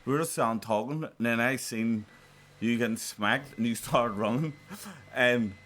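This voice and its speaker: Young man, boxer, co-host; animated, cuts in, mid-pitch, casual. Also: normal speed. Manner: animated, chimes in and adds detail. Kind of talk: casual storytelling chat.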